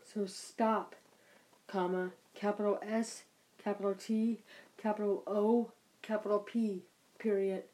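A woman's voice: mid-range voice, little pitch movement, slow, warm tone, poor audio. A woman angrily dictating a profane message aloud, speaking each punctuation mark as she goes. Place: bedroom at night.

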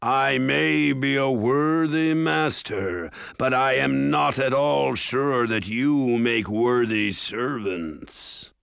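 Man doing a horned ogre warlord, slow, commanding, scornful, gravelly, loud, dry close audiobook sound. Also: medium pitch, no room sound. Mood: menacing. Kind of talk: audiobook character voice.

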